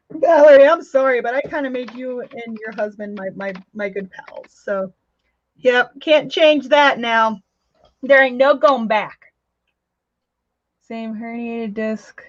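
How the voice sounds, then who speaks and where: A woman's voice: fairly high pitch, dry recording, lo-fi sound. A woman hosting a crafting live stream, chatting casually, reading viewer comments aloud and laughing often. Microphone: home microphone.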